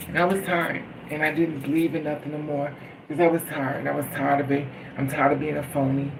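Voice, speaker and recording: A man's voice: a little high, little pitch movement, fast talker, vocal fry. A man talking in a casual spiritual monologue, earnest and rambling, repeating phrases like a chant. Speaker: vlogger. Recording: noisy, from a distance.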